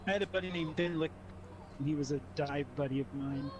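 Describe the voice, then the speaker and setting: A man chatting casually while gaming, telling long rambling anecdotes with laughs mixed in. His voice sits a little high. Steady noise hums behind him. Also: fairly quick. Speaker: gamer chatting on stream. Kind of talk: casual chat.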